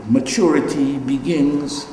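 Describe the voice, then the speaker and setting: An older man from Guyana, an artist giving a relaxed gallery talk, musing and repeating phrases with animated exclamations. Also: on the high side, takes it slowly, echoey room, in a large hall, slight background noise, low-quality recording. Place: gallery room.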